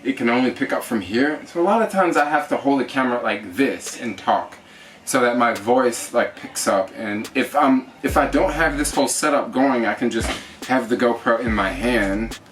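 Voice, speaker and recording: A travel vlogger, a man with a mid-range, fairly bright voice, rambles chattily with lots of fillers while showing off his camera gear at a moderate pace. He talks into a GoPro fitted with a shotgun mic, sounding far away with slight background noise.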